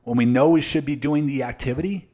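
A man coaching sales gives a motivational live stream aimed squarely at his viewers, stressing ideas through repetition and asking tag questions again and again. His pitch is in the middle range for a man, his tone dark, and he speaks fast.

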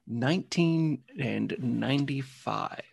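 Gravelly, husky podcast co-host. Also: male voice, medium pitch, slow pace. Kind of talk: casual chat.

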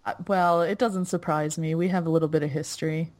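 A woman's voice: deep voice, fairly even intonation, brisk, darkish tone. A woman hosting her podcast, chatting playfully with guests on a call and laughing often. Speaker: podcast host. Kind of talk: casual chat on a call.

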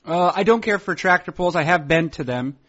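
A man's voice: high-pitched, animated, brisk, fairly bright tone. Chatty man with a raised voice. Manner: chatty, rambling with restarts and laughs. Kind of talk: casual chat. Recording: dull lo-fi recording.

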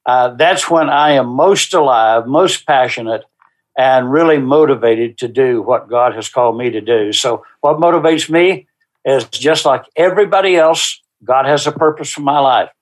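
A man as a guest in an interview, earnestly describing the small-group workshops he leads, with unhurried, faith-driven conviction. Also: mid-range voice. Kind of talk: interview answers.

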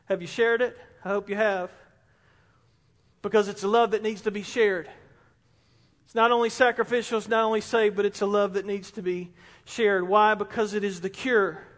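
A man from South Carolina, preaching a sermon in an animated, excitable way, repeating phrases for emphasis. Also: high-pitched, normal speed. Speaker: pastor. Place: church sanctuary. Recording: long reverb in a large hall.

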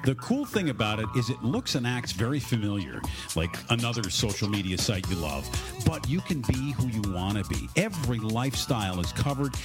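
A man's voice: medium pitch, very animated, fairly quick, music in the background. A man co-hosting a radio show, upbeat and promotional in casual banter.

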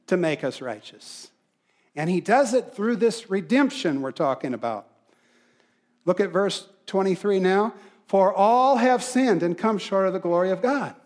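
High-voiced man preaching with emphatic repetition. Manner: emphatic preaching, repeats key phrases, drops to soft asides. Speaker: pastor. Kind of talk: sermon.

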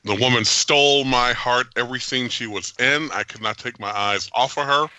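Man, podcast host, dry close sound, animated, opinionated, casual film review. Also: mid-range voice, moderate pace, dry recording. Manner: animated, jokey, opinionated, laughs often. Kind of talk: casual movie review chat.

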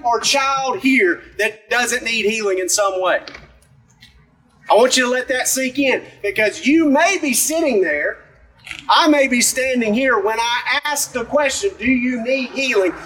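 Male pastor, high bright voice, chatty sermon, heard a little off-mic. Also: normal speed, far from the mic, a little hiss or hum, poor audio. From Alabama. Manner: conversational, asks the congregation questions.

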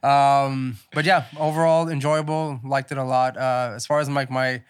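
A man's voice: medium pitch, little pitch movement, normal speed, clean tone. Male co-host, casual film-review chat, loose and rambling with filler and the odd curse. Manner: rambling, heavy use of filler words and casual swearing. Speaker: podcast co-host.

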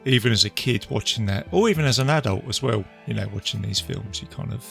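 Male co-host, bright and gravelly, eager and chatty. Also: fairly low pitch, expressive, quick pace, soft background music. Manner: enthusiastic, lots of agreeing and laughing. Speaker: podcast co-host. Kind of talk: casual film chat.

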